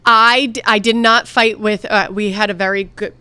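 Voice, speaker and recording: A woman's voice: mid-range voice, steady tone, normal speed, pushed and bright, smooth, no echo. A middle-aged woman from the Philadelphia area co-hosting a TV advice show, talking casually and often restarting her sentences. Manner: chatty, restarts often when making a point.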